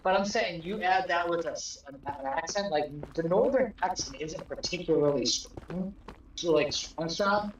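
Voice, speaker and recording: A man's voice: a little high, normal speed. A man from New England chatting casually on a gaming livestream, rambling with lots of fillers and restarts. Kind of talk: casual chat. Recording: dull lo-fi mic with faint noise.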